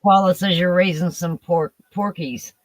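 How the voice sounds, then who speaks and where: A woman co-hosting a casual livestream, giving quiet, brief replies and short show-and-tell. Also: fairly low pitch, fairly even intonation, moderate pace, a crowd in the background. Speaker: co-host guest.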